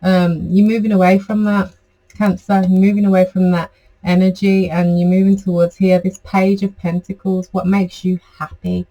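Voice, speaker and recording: Mellow, rambling tarot reader. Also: medium pitch, little pitch movement, normal speed, muffled recording. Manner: chatty and rambling, many fillers. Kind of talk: casual tarot reading to camera.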